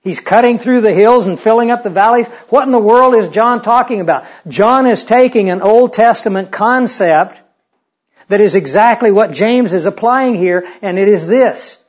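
A man's voice: sits high, moderate pace. A male pastor preaching a sermon in a conversational, humorous way, full of rhetorical questions. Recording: dull lo-fi recording.

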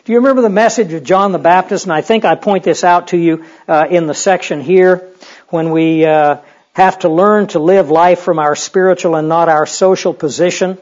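Male preacher, folksy sermon with humor and rhetorical questions; high voice, dull recording. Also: fairly even intonation, moderate pace, a little mellow. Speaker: pastor.

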